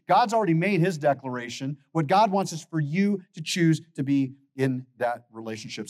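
Pastor, man in his fifties, slightly high-pitched, preaching emphatically with repeated words. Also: darkish tone. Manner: emphatic, repeats words when building a point. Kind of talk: sermon.

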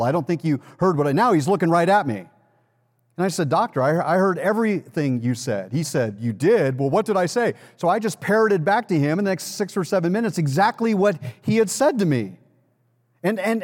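A man preaching a sermon as pastor, telling a personal story in a conversational way and building to emphatic peaks. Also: on the high side. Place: church sanctuary. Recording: long reverb of a large hall.

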